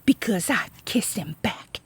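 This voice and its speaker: A woman's voice: expressive, measured pace, fairly bright tone, breathy edge, whispered, heavily acted. Woman as a desperate young schoolteacher. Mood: pleading. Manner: urgent, raised pitch.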